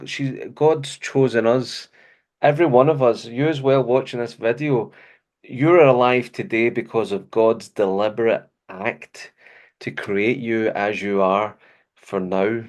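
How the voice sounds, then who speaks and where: A middle-aged Scottish man hosting a faith interview, talking earnestly and laughing easily. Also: lowish voice. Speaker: host. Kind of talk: casual faith interview chat.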